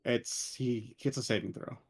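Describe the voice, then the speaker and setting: A man's voice: medium pitch, fairly even intonation, measured pace, slightly rough. A man playing a tabletop game, talking through the rules casually. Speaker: player.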